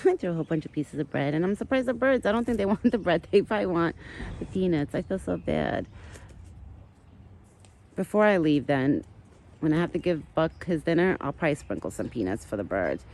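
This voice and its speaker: A woman's voice: low-pitched, expressive, a little fast, a little mellow. A woman casually chatting to camera in her backyard, rambling on and talking sweetly to her deer. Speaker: vlogger feeding a pet deer. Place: outdoors in a backyard.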